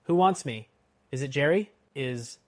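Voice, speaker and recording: A mild older gentleman, voiced by a man, speaking with a slight quaver. He talks carefully and slowly. The recording is dry. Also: mid-range voice, steady tone, dry recording, natural voice. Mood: nervous. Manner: mildly quavering, measured. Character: mild, nervous elderly bank clerk passenger.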